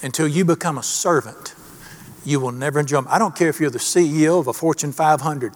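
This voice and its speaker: A man's voice: fairly high pitch, fast. A middle-aged man preaching a sermon in a folksy, emphatic way, asking the congregation questions. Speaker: pastor.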